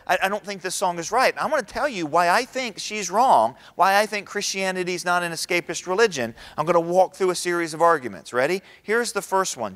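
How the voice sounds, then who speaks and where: Animated middle-aged man preaching, fairly high. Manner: conversational, asks the audience questions; animated, with big pitch swings. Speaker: speaker at a church event. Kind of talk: sermon-style talk.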